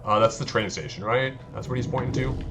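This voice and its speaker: A man's voice: medium pitch, fairly quick, music in the background. A man streaming a video game, chatting casually and poking fun at his own play while answering his viewers. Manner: self-deprecating, talks to chat. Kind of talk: casual let's-play chat.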